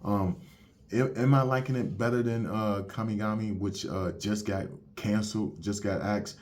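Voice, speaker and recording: A young manga reviewer with a lowish, steady, darkish voice speaks at normal speed while recapping a manga chapter. He walks through the plot step by step in loose, slangy casual talk, retelling it with phrases like "you have it where."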